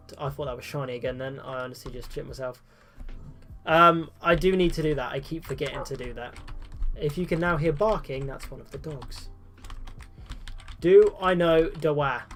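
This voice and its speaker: A man's voice: on the high side, slight background noise. Chatty, self-mocking male streamer. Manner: chatty, self-mocking, reads and answers chat. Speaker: game streamer. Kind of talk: casual live-stream chat. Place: at home.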